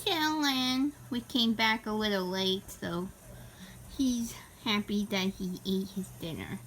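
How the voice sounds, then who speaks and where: A woman's voice: medium pitch, slow pace, a little hiss or hum. A woman vlogging at home, talking to her cat in doting baby talk with sing-song repetitions. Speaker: pet vlogger. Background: soft rain sound playing.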